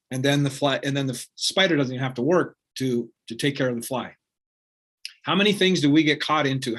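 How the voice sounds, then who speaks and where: A man speaking as a motivational speaker, with a voice of ordinary middle pitch. He talks earnestly and conversationally, tagging thoughts with quick check-ins to the listeners. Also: fairly bright tone, husky. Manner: earnest, peppered with "right?" and "like". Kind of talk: motivational talk.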